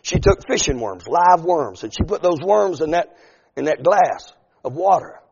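A middle-aged male pastor preaching a sermon, building to shouted, drawn-out lines. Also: fairly high pitch, big pitch swings, vocal fry, breathy edge, in a large hall, highs cut off. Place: church sanctuary.

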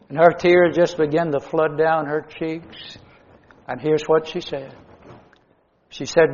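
A middle-aged preacher delivers a sermon, his somewhat high voice rising to loud emphasis and falling to hushed, trailing endings. The sound is dull and muffled, with a long reverberant tail filling the church. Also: moderate pace.

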